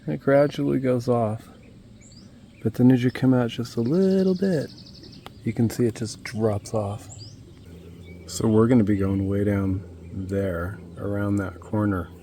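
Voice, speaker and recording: A man from Nevada vlogging from his kayak on a lake, talking in a relaxed, rambling way and marveling at the scenery. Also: fairly low pitch, unhurried, a little hiss or hum. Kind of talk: casual outdoor vlog narration.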